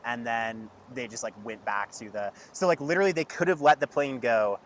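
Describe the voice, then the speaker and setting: A man's voice: mid-range voice, a little fast. Young man rambling through a story. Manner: rambling storyteller, heavy use of "like". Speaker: podcast guest. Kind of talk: casual chat.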